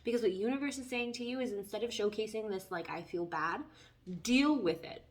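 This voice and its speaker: A young woman giving a casual, playful tarot reading, chatty and animated as she talks through the cards. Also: medium pitch, fast talker, a little hiss or hum. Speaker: tarot reader.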